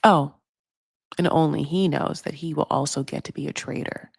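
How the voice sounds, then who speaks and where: Rambling woman recapping TV, low voice. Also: steady tone, normal speed, vocal fry, darkish tone, breathy edge, no echo, studio quality. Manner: rambling, full of "like" and "you know". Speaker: recap vlogger. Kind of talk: casual TV recap.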